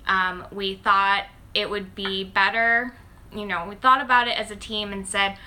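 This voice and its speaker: A woman's voice: mid-range voice, steady tone, a little slow, bright, forceful tone. A woman hosting a casual phone livestream for her followers. She speaks with a slight lisp and talks in a chatty, upbeat way with frequent "um"s. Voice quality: slight lisp from dental aligners. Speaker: host and founder of a blogger network.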